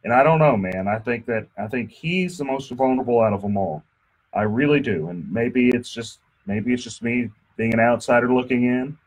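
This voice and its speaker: Guy hosting talk radio, jokey, lots of restarts, average pitched voice. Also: moderate pace. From Texas. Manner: chatty, joking, stumbling on restarts. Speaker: radio show host and insurance attorney. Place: radio studio.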